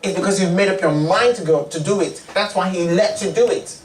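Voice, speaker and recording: Storytelling preacher in an echoey hall. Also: male voice, high-pitched, a little fast. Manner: animated storytelling, acting out characters. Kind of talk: sermon. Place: church hall. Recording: echoey hall, distant mic.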